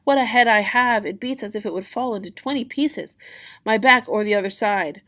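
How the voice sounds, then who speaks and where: A tired, teasing old nurse, read aloud in class by a woman, who stretches her lines out and grumbles about her aches. The voice stays close to the reader's own, with a slow, drawn-out grumble. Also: mid-range voice, a bit bright, voice pushed up, close to an everyday voice. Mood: grumbling. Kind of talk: reading a play aloud in class.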